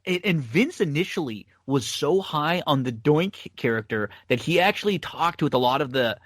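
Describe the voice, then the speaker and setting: Fairly bright and on the high side, this man's expressive voice moves at normal speed as he hosts a podcast about old wrestling matches. He rambles casually, laughs a lot, and keeps restarting and using fillers, all in echo-free studio quality.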